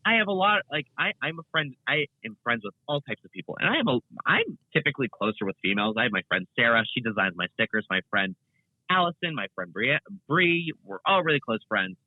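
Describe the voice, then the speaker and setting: Animated young man on a tinny line. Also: mid-range voice, brisk, dry recording. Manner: rambling, animated, many fillers and restarts. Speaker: guest content creator. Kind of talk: casual interview chat.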